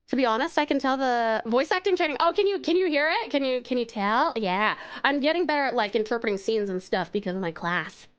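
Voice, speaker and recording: A woman's voice: high voice, animated, normal speed, dull audio. A woman from Australia chatting with her live-stream chat and reading viewer stories aloud, bubbly and giggly, gasping often.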